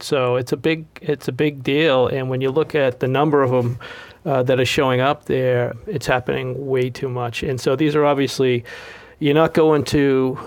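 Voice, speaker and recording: A man's voice: mid-range voice, no echo. Middle-aged man with a Massachusetts accent. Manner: chatty and explanatory, with restarts. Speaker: guest financial advisor. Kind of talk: casual interview talk.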